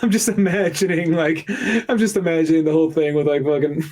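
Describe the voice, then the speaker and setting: A man's voice: on the high side, little pitch movement, fairly quick, darkish tone. A man co-hosting a podcast, rambling through game memories in crude, profane banter. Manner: rambling, profane, trails off and restarts. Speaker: podcast co-host. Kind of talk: casual crude comedic chat.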